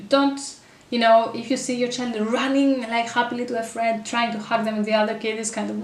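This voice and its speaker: A woman's voice: a little high, level tone. Chatty woman vlogging in an echoey room. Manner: earnest, chatty, self-interrupting with quick asides. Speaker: parenting vlogger and mother. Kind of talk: casual advice to camera. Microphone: camera mic. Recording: echoey room, voice a bit far from camera.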